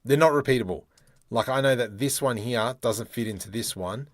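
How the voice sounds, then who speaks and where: A man demonstrating 3D modeling software, thinking aloud in a playful way and muttering keyboard shortcuts and mild exclamations as he works. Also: mid-range voice, normal speed, dry recording. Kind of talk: screen-recorded software tutorial, thinking aloud.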